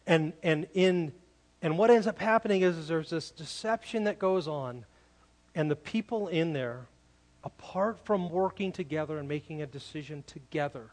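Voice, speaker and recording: A man's voice: on the high side, a little mellow. A male pastor delivers a sermon in a church, his slightly raised voice carrying a long hall reverb. He speaks earnestly and emphatically, circling back and restarting phrases as he presses each point home.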